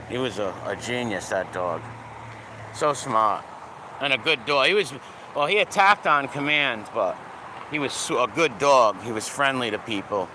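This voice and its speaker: A man's voice: mid-range voice, pushed and bright. Rambling Rhode Island man on a street. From Providence, Rhode Island. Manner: rambling, profane, bouncing between greetings and rants. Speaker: livestreamer walking his dog. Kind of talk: casual livestream chat with viewers. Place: city street with passing cars. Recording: faint street traffic noise.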